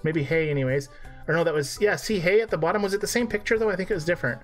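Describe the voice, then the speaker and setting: A man's voice: fairly high pitch, very fast, faint music behind. A man co-hosting a casual game live stream, joking and laughing at himself as he plays.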